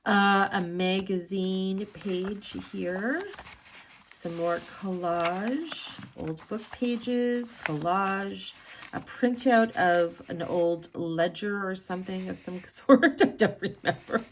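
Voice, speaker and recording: A woman's voice: mid-range voice, takes it slowly. Woman vlogger, casual sing-song crafter chat, mid-range voice, faint noise on the track. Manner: chatty, sing-song, frequent ums and laughs. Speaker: art journal maker showing her work. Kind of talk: casual flip-through commentary.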